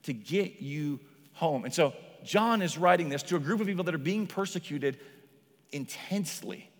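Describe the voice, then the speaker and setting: A slightly high-voiced man preaching in a loose, conversational way, often dropping "like" and playing out quoted voices. His voice rings through a church hall with a long reverb tail. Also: moderate pace. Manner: acts out quoted voices with lively shifts. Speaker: pastor. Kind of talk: sermon.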